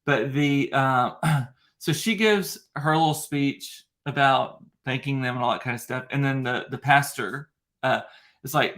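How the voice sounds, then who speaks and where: A man's voice: mid-range voice, a little slow, a bit bright. A man hosting a casual livestream from his computer, telling a long story with lots of fillers, restarts and emotion. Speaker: livestream host. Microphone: computer mic in front of a ring light.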